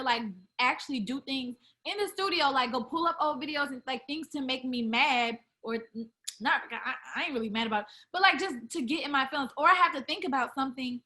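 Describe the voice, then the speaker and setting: Bright, chatty young woman singer. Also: sits high. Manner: chatty, many fillers and restarts. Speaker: R&B singer, interview guest. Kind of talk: casual interview chat.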